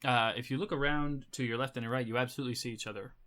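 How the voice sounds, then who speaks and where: A man narrating as game master, casual and halting as he describes scenes. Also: mid-range voice, steady tone, bright, forceful tone.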